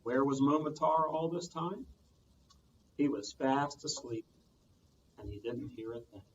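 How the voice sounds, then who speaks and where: Heard from a distance on muffled audio, a children's librarian reads a storytime tale aloud, adding lively sound effects. His voice is medium in pitch and measured in pace, with a noisy background.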